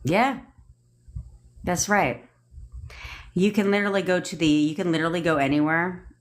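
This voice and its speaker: A woman's voice: on the low side, steady tone, moderate pace. A young adult woman, a manifestation coach, ranting bluntly on a phone livestream with plenty of swearing and repetition. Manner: blunt, profane, repetitive tough-love ranting. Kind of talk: TikTok live rant.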